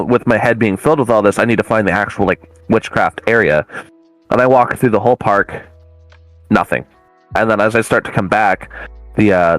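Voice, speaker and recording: A man's voice: lowish voice, fairly bright tone, no room sound, rough recording. A man, a guest medium, telling a long story in a casual, rambling way with many fillers and restarts.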